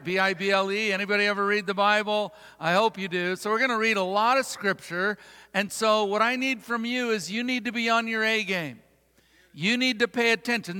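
A man's voice: high-pitched, bright, forceful tone, clean tone. A man pastor preaching a sermon, speaking directly to the congregation and asking them questions. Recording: reverberant hall.

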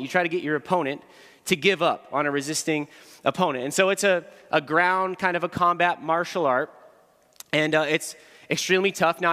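A man's voice: high voice, sharp tone. A man giving a humorous, self-deprecating storytelling talk to an audience in a large hall.

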